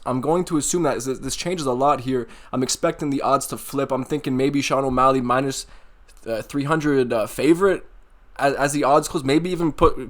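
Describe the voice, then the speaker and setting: Sarcastic male MMA commentary ranter. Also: medium pitch. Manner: sarcastic, mocking, profane. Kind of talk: casual commentary rant.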